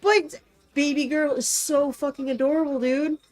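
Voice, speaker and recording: A woman's voice: high-pitched, steady tone, normal speed, a little mellow. A young woman co-hosting a casual chat, rambling and swearing freely as she acts out quotes. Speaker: co-host.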